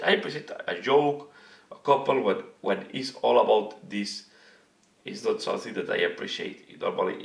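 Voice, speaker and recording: A hoarse man hosting a hobby video channel, talking casually and earnestly to camera and searching for his words. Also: fairly low pitch. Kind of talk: casual vlog talk to camera. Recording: echoey room, mic at a distance.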